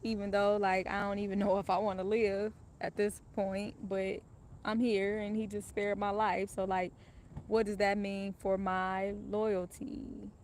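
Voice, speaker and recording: A woman's voice: medium pitch, level tone, a little slow, a little mellow, slight background noise. A woman casually telling a personal story in a candid, profane, rambling way.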